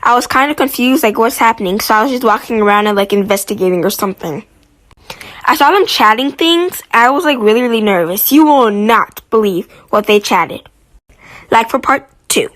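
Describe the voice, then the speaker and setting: A woman's voice: fairly high pitch, expressive, normal speed, fairly bright tone. A woman telling a story about an online game, using lots of fillers. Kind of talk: casual storytelling.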